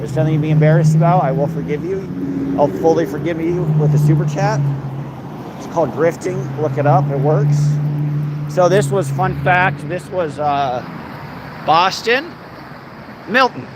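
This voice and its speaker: A man hosting a loose livestream, reading viewers' comments in a slightly high voice and throwing out crude, mock-threatening jokes. He is outdoors on a noisy recording, with a clear hum of traffic and machinery behind him. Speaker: livestream host.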